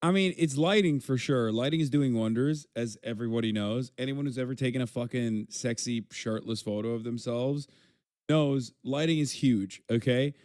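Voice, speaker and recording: A man's voice: mid-range voice, moderate pace, a little mellow, dry recording, clean studio sound. A man streaming live, reacting to a video and answering his chat in a blunt, profane, casual way.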